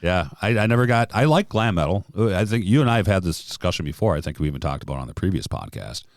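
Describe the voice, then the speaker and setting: A middle-aged man with a very low voice, talking as a podcast guest. He reminisces in a relaxed, easygoing way and chuckles often. The sound is close and dry. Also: fast, no room sound. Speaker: guest, guitarist and music store owner. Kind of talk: casual podcast conversation.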